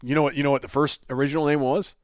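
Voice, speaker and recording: A man's voice: medium pitch, little pitch movement, very fast, dry recording, clean studio sound. A man hosting a podcast in casual chat, rambling and joking, swearing now and then. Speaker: podcast host.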